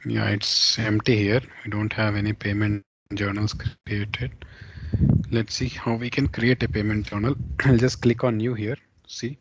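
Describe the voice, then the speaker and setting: Low flat-voiced man teaching software. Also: dull audio, a little hiss or hum. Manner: explanatory, repeats terms, fillers and restarts. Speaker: software instructor. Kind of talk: screen-share software tutorial.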